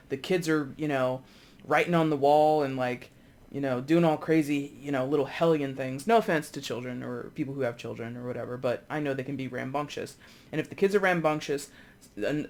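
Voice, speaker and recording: A chatty tarot reader talking casually through a reading, wandering off into examples and asides. The voice sits at a mid pitch and carries an easy, animated manner.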